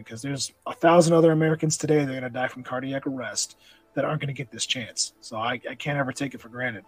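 A man's voice: medium pitch, steady tone, fast, breathy edge, no echo, faint music behind, rough recording. A man, a police officer and nonprofit founder, telling his story earnestly and with emotion in a conversational interview.

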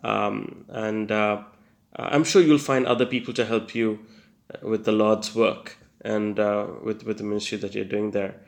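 A young man gives an earnest personal testimony, hesitating often with fillers, restarts and self-deprecating laughter. His voice is lowish and steady, a little slow, with some vocal fry.

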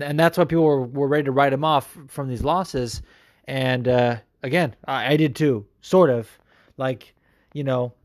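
A man hosting a show of listener calls, talking in a casual, profane and excitable way. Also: medium pitch, no room sound, clean studio sound. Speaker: podcast host answering listener calls. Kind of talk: casual chat.

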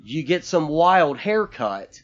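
A man's voice: a little high, big pitch swings, takes it slowly, muffled recording. Ranting, profane podcast man. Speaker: podcast co-host. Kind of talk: casual chat.

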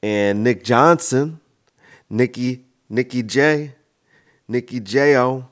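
A man's voice: mid-range voice, slow pace. A man hosting a solo comedy podcast from his kitchen, rambling and joking at his own expense into a microphone. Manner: rambling, self-mocking, jokey. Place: home kitchen, alone. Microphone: studio-style microphone.

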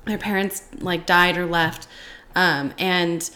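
A woman's voice: fairly low pitch, little pitch movement, slow, bright, forceful tone. A woman co-hosting a podcast in casual chat, explaining her thoughts with fillers like "um" and "you know". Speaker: podcast co-host.

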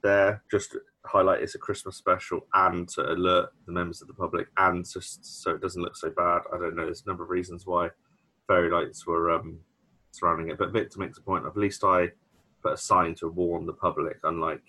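A man's voice: low-pitched, level tone, brisk, sharp tone. A British man co-hosting a podcast, chatting casually about a sitcom and thinking aloud with restarts and fillers. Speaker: podcast co-host. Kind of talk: casual chat recapping a sitcom episode.

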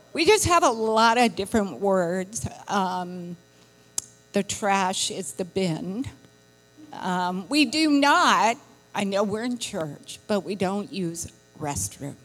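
Woman, unhurried chatty church talk, faint music behind. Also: medium pitch, long reverb tail. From United States. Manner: chatty, laughs, acts out voices of others. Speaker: missionary wife addressing church. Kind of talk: casual talk from the pulpit. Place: church hall.

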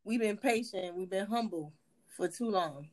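A woman from Virginia co-hosting a podcast in casual chat, animated and emphatic, laughing often. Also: medium pitch, normal speed. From Hampton, Virginia. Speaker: podcast co-host.

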